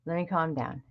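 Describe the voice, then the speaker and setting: A woman's voice: on the low side, dull audio. A middle-aged woman hosting a craft livestream, chatting casually and greeting viewers by name. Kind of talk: casual live-stream chat.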